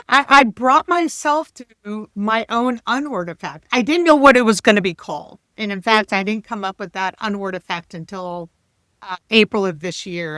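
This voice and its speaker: A woman's voice: mid-range voice, no room sound. A woman in her fifties, a leadership coach chatting animatedly as a podcast guest. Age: 50s. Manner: chatty and animated, with laughs and restarts. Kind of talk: casual podcast interview.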